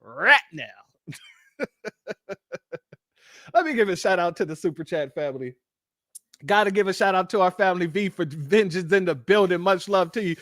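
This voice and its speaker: A man from Los Angeles hosting a casual livestream, talking in an animated way and jumping into a high playful voice when he quotes people. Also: moderate pace, pauses often, dry recording, studio quality. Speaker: livestream host.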